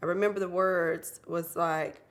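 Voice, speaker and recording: A woman's voice: fairly low pitch, steady tone, measured pace. Woman telling her story. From Memphis, Tennessee. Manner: reflective storyteller. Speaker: guest. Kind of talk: interview.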